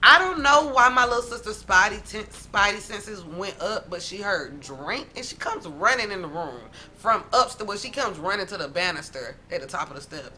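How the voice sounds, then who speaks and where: A woman vlogger telling a story from her teens in a casual, animated way, talking straight to her viewers. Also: medium pitch, normal speed, few pauses, slight background noise. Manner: animated, dramatic, talks straight to viewers as "y'all".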